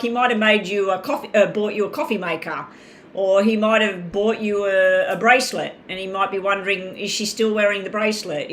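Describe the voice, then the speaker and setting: A woman's voice: medium pitch, a bit bright, a little hiss or hum. A woman giving live tarot readings, talking in a chatty, rambling way and addressing viewers by name. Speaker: tarot reader.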